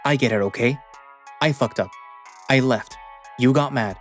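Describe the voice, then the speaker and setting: A man's voice: medium pitch, lively intonation, normal speed, darkish tone, faint music behind, close to an everyday voice. A man voicing a hurt, pleading young best friend. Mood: hurt, angry. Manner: pleading, earnest, swearing when upset. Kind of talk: visual novel reading.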